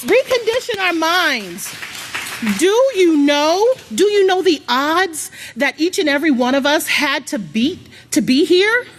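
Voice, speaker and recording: A woman preaches a motivational sermon, coaxing the congregation to repeat after her. Her voice sits high and swings widely in pitch. She sounds like she is speaking in a large worship hall. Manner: lively call-and-response, coaxing the crowd. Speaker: church speaker.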